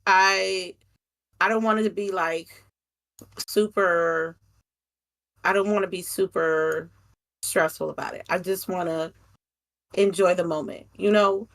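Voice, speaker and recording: A woman guest in a casual interview chat, talking excitedly about meeting up with her gaming friends. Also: on the low side, measured pace, long pauses. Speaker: podcast guest, gaming creator.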